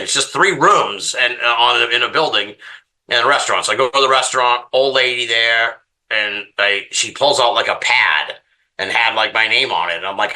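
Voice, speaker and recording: A man's voice: medium pitch, normal speed. A man telling a story as a podcast guest, swearing often and sounding exasperated as he recounts it. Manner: profane, exasperated, animated storytelling. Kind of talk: casual storytelling.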